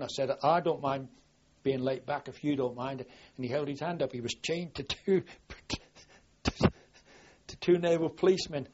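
This older man, a navy veteran, shares memories of the war in an oral history interview, his husky, medium-pitched voice moving at a normal speed through a muffled recording. He rambles and restarts frequently, turning lively when he quotes himself.

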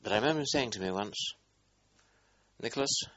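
An older man recalling his wartime squadron in an interview, halting and searching for words. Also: on the low side, expressive, a bit bright, no room sound, muffled recording. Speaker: interviewee, former squadron commander. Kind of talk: oral history interview.

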